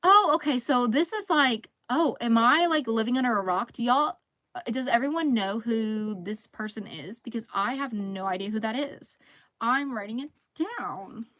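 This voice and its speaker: A woman's voice: on the high side, animated, moderate pace, a bit bright. Chatty woman hosting a crochet stream. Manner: chatty, reads chat aloud, laughs often. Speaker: live stream host. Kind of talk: casual chat while crocheting.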